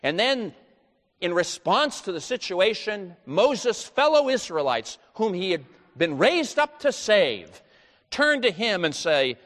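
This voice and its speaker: A man's voice: high-pitched, very animated, slow pace, a bit bright. Preaching man in a reverberant hall. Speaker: pastor. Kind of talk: sermon.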